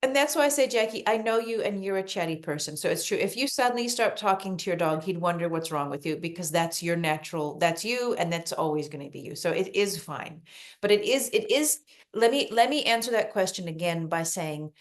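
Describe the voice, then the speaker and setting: A woman talking as a dog behavior expert guest on a podcast, calm and explanatory, often repeating words for emphasis. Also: lowish voice, brisk. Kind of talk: podcast interview advice.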